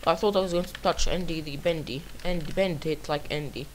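Woman, low pitch, rough voice, chatty gameplay commentary, self-mocking, noisy recording. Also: a little fast. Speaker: gamer.

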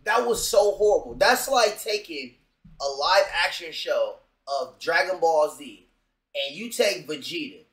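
A man's voice: fairly high pitch, animated, unhurried, a bit bright, reverberant, poor audio. A man hosting a reaction video, talking bluntly and profanely straight to his viewers in a casual way.

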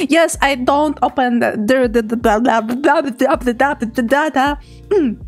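A woman's voice: high voice, normal speed, soft background music. A young woman, a native Russian speaker, chatting casually on a live stream, giggly and talkative, often laughing as she reads chat.

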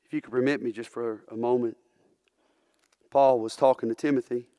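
A man's voice: medium pitch, steady tone, a little fast, dark tone, no room sound. Man, church preacher, earnest sermon, rhetorical questions, dry close sound. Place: church sanctuary.

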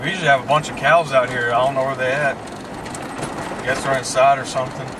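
A man from Mississippi talks in an easygoing Southern drawl, hosting a driving vlog with plenty of laughter. His voice sits at an ordinary pitch for a man. Road and engine noise from a moving car is clearly heard behind him. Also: fairly even intonation, fast talker, recorded from a distance. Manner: laid-back, chatty, laughs often. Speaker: vlog host. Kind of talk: casual driving vlog chat.

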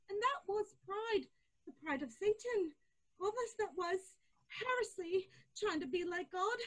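An actress playing an old, devout, superstitious nursemaid who frets and preaches doom. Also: female voice, very high voice, low-quality recording.

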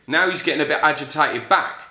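A man's voice: fairly high pitch, fairly quick, sharp tone. A man, telling a story bluntly and swearing a lot in a vlog. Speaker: vlogger. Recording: roomy echo.

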